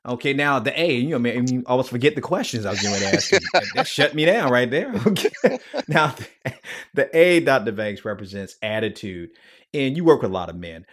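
A man's voice: mid-range voice, animated, a little fast. Affirming male interview host. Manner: affirming interviewer, frequent soft "mm-hmm" and "wow". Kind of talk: radio interview hosting.

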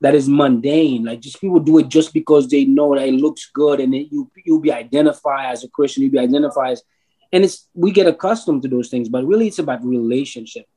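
A man talking casually about faith, agreeable and full of affirmations, with halting restarts. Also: mid-range voice, dark tone, husky.

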